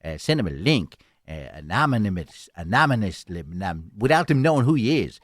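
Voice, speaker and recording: A man's voice: fairly low pitch, big pitch swings, brisk, no room sound, clean studio sound. A man putting on a folksy, rambling old-timey Southern announcer who introduces the podcast with a drawl. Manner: drawling, hokey, rambling, addresses "boys and girls". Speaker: show introducer.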